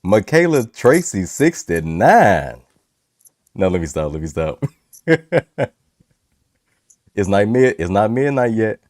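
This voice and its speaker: A man's voice: lively intonation, unhurried, pauses often, darkish tone, no room sound, clean studio sound. A man co-hosting a casual podcast, laid-back and joking. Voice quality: deep smooth radio voice. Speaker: podcast co-host. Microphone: new microphone.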